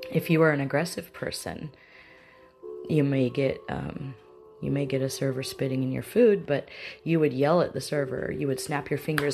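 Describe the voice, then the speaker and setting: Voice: medium pitch, steady tone, normal speed, creaky, long pauses, soft background music. A parent teaching a casual spoken lesson on communication styles, easily acting out little example dialogues. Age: adult with children. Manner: conversational, acts out example dialogues. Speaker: mindfulness teacher.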